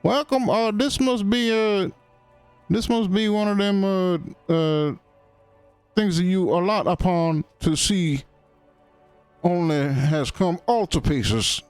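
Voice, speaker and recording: A jovial cowboy greeter in a high, squeaky register, which a man puts on during his stream. He drawls and rambles with overdone politeness. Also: slow, clear, resonant tone, dry recording, faint music behind. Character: high-voiced folksy male cowboy greeter.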